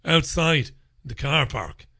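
A man's voice: on the high side, animated, slow pace, bright, forceful tone, full character voice. A man voicing a curt, insistent female pet-store door attendant in a story.

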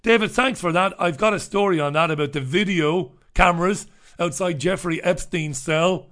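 A man's voice: high-pitched, normal speed, fairly bright tone. A man hosting a live stream, running through newspaper stories and viewer comments with sardonic, rambling asides. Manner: sardonic, wry asides and scoffing; loose, rambling delivery with repetitions. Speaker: livestream host reviewing newspapers and viewer comments.

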